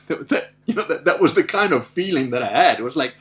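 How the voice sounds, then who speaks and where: A man's voice: on the high side, fairly quick. A middle-aged man casually telling a story, acting out the voices of the people in it, laughing often and swearing now and then. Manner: animated, acts out voices in his anecdotes, laughs often, swears. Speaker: podcast host.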